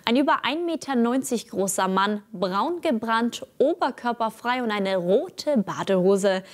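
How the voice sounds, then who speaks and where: A woman TV presenter reading a scripted introduction in a measured, announcing way. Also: a little high, expressive. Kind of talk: scripted TV narration.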